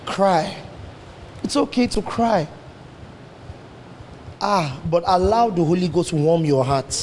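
High-voiced man preaching in an echoing hall. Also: takes it slowly, a little hiss or hum. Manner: animated preaching with rhetorical questions and sudden pitch swings. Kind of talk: sermon. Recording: long hall reverb, faint ambience.

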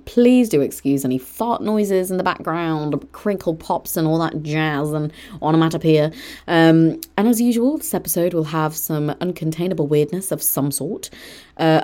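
Lively young woman hosting from her bedroom. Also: sits low. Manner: animated, mimics others in quoted lines. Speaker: podcast host. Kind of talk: casual storytelling monologue. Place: bedroom at home.

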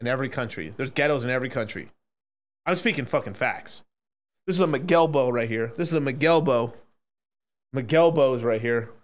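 A man ranting casually on a stream, profane and animated, swinging between loud outbursts and low mutters. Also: a little fast.

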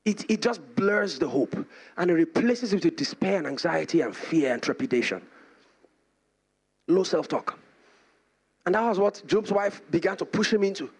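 A man's voice: high voice, lively intonation, normal speed, vocal fry, pauses often, slightly rough. A pastor from Nigeria preaching to his congregation with passion, repeating lines for emphasis. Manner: impassioned preaching, repetition for emphasis. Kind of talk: sermon. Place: church service.

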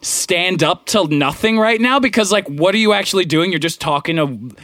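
A young podcast host talking loosely with a friend, his voice a little higher than most men's. The sound is dry and close to the mic. He keeps a relaxed tone and swears freely. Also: moderate pace, no echo. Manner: laid-back, swears often, says "bro" and "dude". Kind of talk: casual chat.

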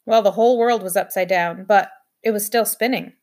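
A woman reading a children's novel aloud in steady first-person storytelling. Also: medium pitch, brisk. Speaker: audiobook reader.

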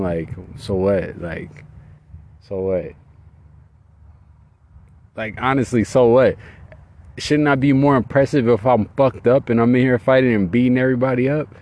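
Profane rambling male podcast host. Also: on the low side. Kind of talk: casual podcast monologue. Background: loud music beat.

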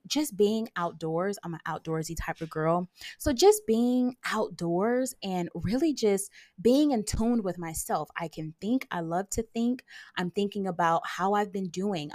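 A young woman hosting a casual solo podcast, talking fast and excitably with playful sarcasm. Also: medium pitch. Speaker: podcast host.

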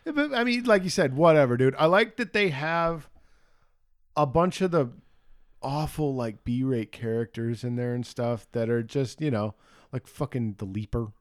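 A man co-hosting a podcast in casual chat, swearing freely and slipping into quick impressions when he quotes people. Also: medium pitch. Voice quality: profane, animated, mimics voices in quotes. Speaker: podcast co-host.

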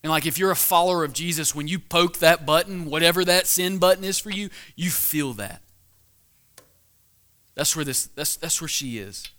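Young pastor guy preaching, bright forceful voice, a bit high, chatty with lots of restarts. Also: moderate pace. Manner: casual, conversational preaching with many restarts and rhetorical questions. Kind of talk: sermon.

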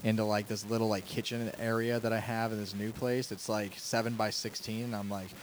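A man's voice: fairly low pitch, flat delivery, a little fast. A young man co-hosting a podcast in casual chat, laid-back and rambling, with faint noise behind. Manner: laid-back, rambling, drops into joke accents. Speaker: podcast creator and co-host.

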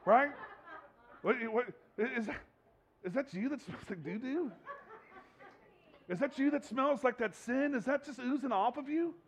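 A man preaching a sermon as pastor, animated and acting out playful voices, with rising exhortations. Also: very high-pitched, measured pace, pauses often.

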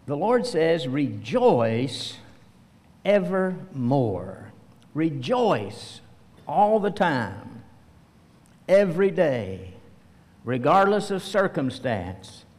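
Male pastor, sermon delivery, fairly high voice, long hall reverb. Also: big pitch swings. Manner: slow storytelling, acting out quoted voices.

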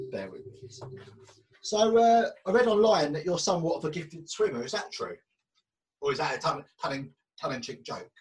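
A man's voice: on the high side, normal speed, a little mellow. Podcast host guy asking stuff, stumbles over words, sits a bit far from the mic. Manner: hesitant, repeats words. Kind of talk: casual interview.

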